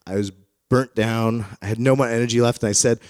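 A man in his thirties preaching a sermon through personal stories, in a conversational, self-deprecating manner that grows animated when he retells dialogue. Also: medium pitch, brisk, clear, resonant tone, no echo, clean studio sound. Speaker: pastor. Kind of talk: storytelling sermon.

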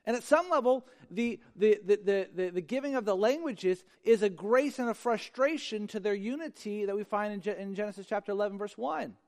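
High-voiced preacher in a reverberant hall. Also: male voice. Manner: emphatic, repeats phrases for effect. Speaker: pastor. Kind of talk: sermon.

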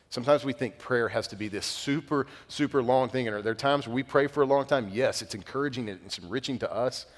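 A young adult man preaching a sermon as a pastor, talking casually and telling stories with lively bursts, then dropping to quiet emphasis. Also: lowish voice, in a large hall. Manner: conversational, animated storytelling with sudden quiet emphasis.

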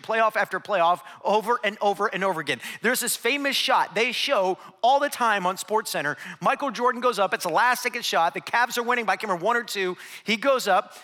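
High, bright-voiced joking pastor. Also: male voice. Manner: humorous, animated storytelling with crowd asides. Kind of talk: sermon. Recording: long reverb of a large hall.

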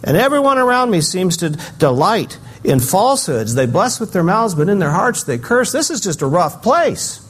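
An older man preaching a sermon, swinging between loud emphasis and quiet, reflective asides. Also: sits high, sing-song, moderate pace, hardly any pauses, husky. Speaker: pastor.

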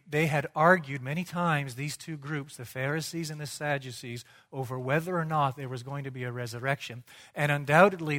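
A man preaching a sermon, emphatic and rhetorical, dropping low and quiet and then rising loud for his points. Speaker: pastor.

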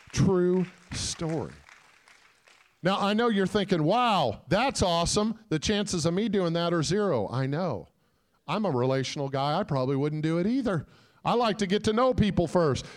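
A man giving a sermon as a guest preacher, telling a story and calling out to the congregation, moving between loud shouts and hushed quiet. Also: high-pitched. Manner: calls out to the congregation.

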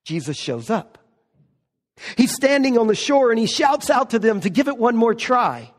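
A man preaching a sermon as pastor, stressing key words slowly and with emphasis. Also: very high-pitched, big-room sound.

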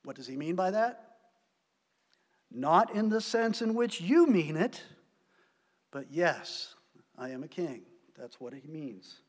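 A man preaching a sermon, stressing key words loudly and then dropping to quiet asides. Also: on the high side, sing-song, takes it slowly, long pauses. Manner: emphatic preaching, swinging between loud stresses and quiet drops. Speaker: pastor. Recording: long hall reverb.

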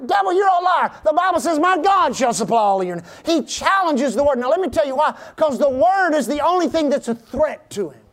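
A middle-aged man preaching a sermon, calling out to the congregation, reading scripture aloud and at times breaking into shouts. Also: very high-pitched. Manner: preaching with call-and-response to the congregation; reads scripture aloud in old-fashioned wording. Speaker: pastor.

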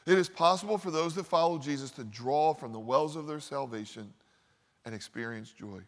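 A man preaching a sermon, telling stories and swinging from loud, lively lines to quiet, hushed ones. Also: fairly high pitch, moderate pace. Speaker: pastor. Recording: long hall reverb.

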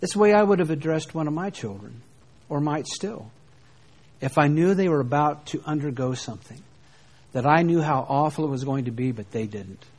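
A man teaching a sermon on scripture, speaking slowly and deliberately with dramatic pauses as he reads verses aloud. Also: on the high side, animated, a little mellow. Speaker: preacher.

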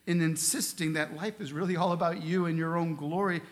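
A man's voice: on the high side, fairly even intonation, brisk. A male pastor preaching a sermon in a church, reading scripture aloud and asking the congregation earnest questions. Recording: long reverb of a large hall.

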